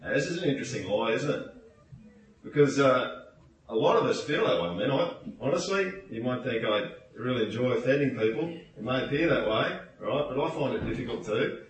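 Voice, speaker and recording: A man's voice: mid-range voice, lively intonation, fairly quick. A man preaching a sermon to a congregation in a church hall, talking in a conversational way, asking the listeners questions and acting out quoted voices. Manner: acts out quoted voices in asides. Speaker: pastor. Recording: echoey hall, speaker far from mic.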